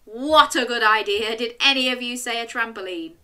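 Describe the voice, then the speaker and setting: A woman reading a picture book aloud to children, animated and asking her listeners questions. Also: fairly high pitch, normal speed, hardly any pauses. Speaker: children's story reader.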